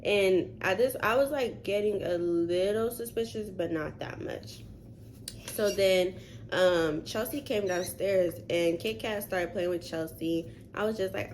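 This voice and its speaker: A woman in her twenties telling a story to her viewers in a vlog, animated and chatty, full of "like" and "y'all". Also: medium pitch, unhurried, a little hiss or hum. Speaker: vlogger.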